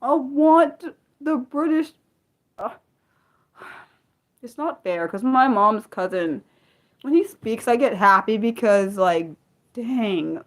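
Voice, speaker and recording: A woman hosting a casual livestream, reading the chat and rambling excitedly from one thought to the next. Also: medium pitch, slow pace. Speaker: livestream host.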